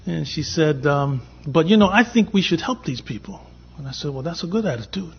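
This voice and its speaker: Guy on a panel telling a story, kinda husky, higher voice, muffled old recording, acts out all the back-and-forth. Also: expressive, fairly quick. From from Boston. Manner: anecdotal, acts out dialogue in quotes. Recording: dull lo-fi conference recording.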